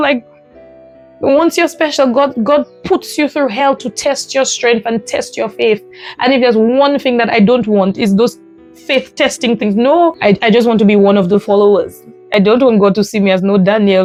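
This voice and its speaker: A woman hosting her own podcast, telling a personal story in an animated, emphatic way, often breaking into laughter. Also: mid-range voice, moderate pace, faint music behind. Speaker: podcast host.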